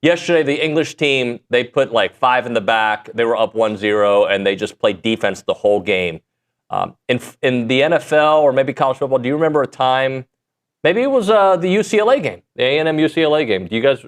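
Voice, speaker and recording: A man's voice: mid-range voice, animated. A man hosting a sports talk show, chatting loosely and bantering with his co-hosts. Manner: loose, rambling, quick to banter. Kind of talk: casual sports radio chat.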